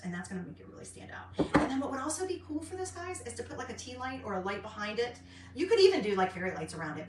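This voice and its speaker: Middle-aged woman, rambling craft chat, bright tone, roomy far-off mic. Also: mid-range voice. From North Carolina, US. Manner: rambling and chatty, many ums. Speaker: craft vlogger. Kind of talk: casual chat while crafting. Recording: roomy, distant, faint noise.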